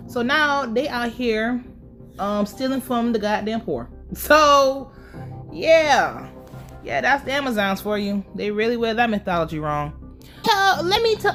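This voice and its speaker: Sassy, cursing woman recapping a show. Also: fairly high pitch. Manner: sassy, animated, swears freely, mock outrage. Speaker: TV recap reviewer. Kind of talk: casual, profane episode recap.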